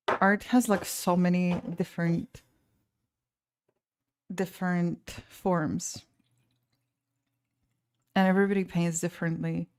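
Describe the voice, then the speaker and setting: A woman's voice: fairly low pitch, flat delivery, takes it slowly, long pauses, darkish tone, clear, resonant tone. A woman streamer and painter chatting casually and venting with frustration, full of restarts and trailing thoughts. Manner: rambling and exasperated, many restarts. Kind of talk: casual live-stream chat.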